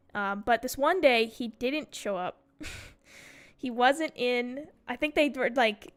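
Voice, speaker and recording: A young adult woman streamer telling a story while gaming, animated and profane, with lots of "like" fillers. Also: high-pitched, clean tone. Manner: animated, profane, heavy use of "like".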